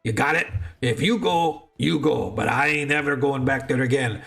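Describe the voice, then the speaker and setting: A man's voice: mid-range voice, normal speed, creaky, fairly bright tone. A man voicing a crude, frightened woodsman who swears and talks in coarse backwoods speech. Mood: gruff. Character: crude, frightened male woodsman ranger, gruff.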